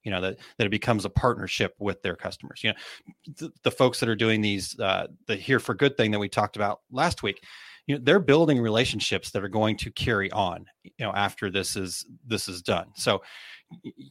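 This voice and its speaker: Chatty low-voiced man hosting a talk show. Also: brisk, fairly bright tone, no echo. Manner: chatty, frequent fillers and restarts. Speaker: podcast host. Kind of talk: casual chat, reading listener comments.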